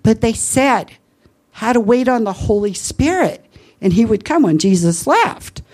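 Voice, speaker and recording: A woman's voice: a little high, a little slow. A woman giving an informal Christian talk, earnestly telling personal evangelism stories. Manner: earnest, lively storyteller. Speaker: Christian speaker sharing evangelism testimony.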